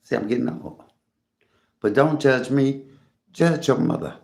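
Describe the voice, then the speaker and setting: A man's voice: mid-range voice, very animated, a little slow, gravelly, a little mellow. A middle-aged man hosting a casual livestream from his home, chatty and greeting viewers by name, coughing often. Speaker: livestream host. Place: home room. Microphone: phone on a tripod.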